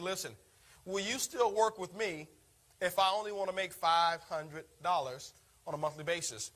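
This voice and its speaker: A man giving an energetic motivational talk, telling his story and calling the audience "guys.". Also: sits high. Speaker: network marketing speaker.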